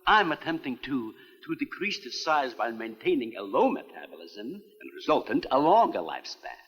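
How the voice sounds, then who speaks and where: A man's voice: medium pitch, very animated, normal speed, fairly bright tone, husky, big-room sound. A middle-aged actor playing an earnest older scientist and father in a 1950s film, formal and explanatory in manner. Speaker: scientist running an island lab.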